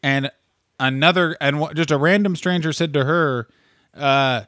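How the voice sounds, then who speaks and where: Man, podcast co-host, sardonic and profane, fairly high voice, dry close mic. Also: normal speed, a bit bright, no room sound. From Canada. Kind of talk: casual comedic chat.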